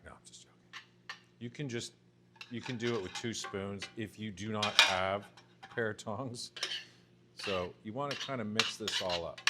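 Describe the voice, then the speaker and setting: This male chef, in his fifties, chats and jokes while demonstrating a dish in a home-style kitchen. His pitch is medium, and there's background noise, including the clatter of pans and cutlery.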